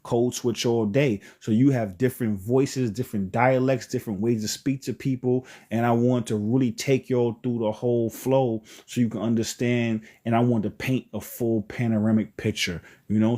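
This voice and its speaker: A man's voice: mid-range voice, steady tone, moderate pace, hardly any pauses, warm tone. A man hosting a live-stream talk, speaking loosely and rambling, with many "you know"s. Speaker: host.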